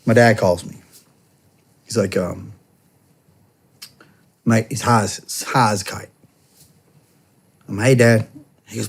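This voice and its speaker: A man's voice: fairly low pitch, steady tone, slow pace, long pauses. Earnest man recounting a family ordeal. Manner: acts out the quoted speech of others while telling the story; earnest and conversational, with repeated restarts. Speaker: podcast guest, former police officer. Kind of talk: emotional personal storytelling.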